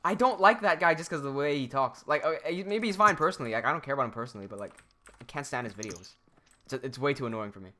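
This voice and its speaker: A young man from Hong Kong with an American English accent chats casually on a livestream, reading out viewer comments. His voice is mid-range and sharp in tone, at a quick pace.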